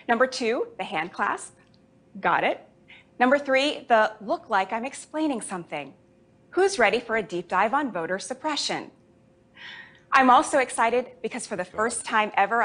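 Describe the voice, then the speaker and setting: A woman born in Jamaica hosting a comedy show, delivering a deadpan stand-up monologue. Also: mid-range voice. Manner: deadpan, dry delivery with put-on voices for family.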